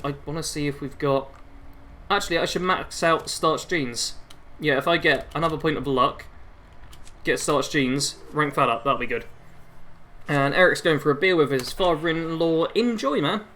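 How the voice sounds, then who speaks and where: A man's voice: a little high, bright, forceful tone, a little hiss or hum. A young man live streaming a game on a headset mic, chatting constantly and reading chat aloud.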